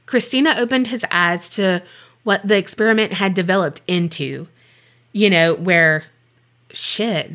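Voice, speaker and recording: A woman's voice: mid-range voice, a little slow, a bit bright. A woman co-hosting a podcast, telling a true-crime story in a loose, chatty way with offhand swearing. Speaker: podcast co-host.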